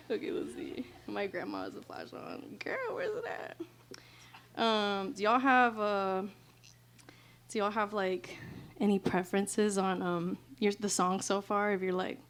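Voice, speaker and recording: A woman's voice: mid-range voice, lively intonation, slow pace. A woman singer chatting casually with her audience between songs at a small live music venue, giggly and loose, full of "like" and "y'all". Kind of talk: casual stage banter with an audience.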